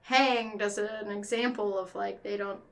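A woman's voice: mid-range voice, steady tone, measured pace, vocal fry, a bit bright, a little hiss or hum. A woman tabletop player chatting casually, filling her talk with "like". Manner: chatty, lots of filler "like". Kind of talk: casual podcast chat.

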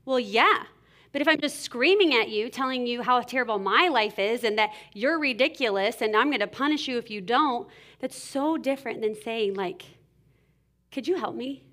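A woman in her thirties giving a casual, animated sermon-style talk on parenting, full of "like" and acted-out parent lines. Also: on the high side, moderate pace. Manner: casual, animated, many "like"s, acts out scolding parent voices. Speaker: speaker at a church parenting talk.

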